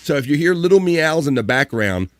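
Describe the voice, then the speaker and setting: Relaxed male host, dry close sound. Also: a little high, a little fast, dry recording. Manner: rambling, relaxed, recapping with fillers. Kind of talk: casual live-stream chat.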